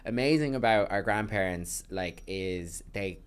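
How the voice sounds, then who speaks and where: A young man co-hosting a podcast, chatting casually, reacting quickly and swearing freely. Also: on the low side, smooth. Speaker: podcast co-host. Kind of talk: casual chat.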